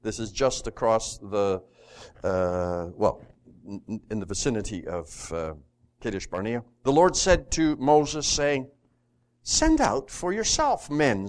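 In a medium-pitched voice at a slightly slow pace, a man animatedly teaches a Bible class, reading verses aloud and putting questions to the group.

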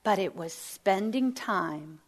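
Slow, emphatic woman Bible teacher. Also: mid-range voice, lively intonation. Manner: slow, emphatic, drops to near whisper at key lines. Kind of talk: women's Bible study teaching.

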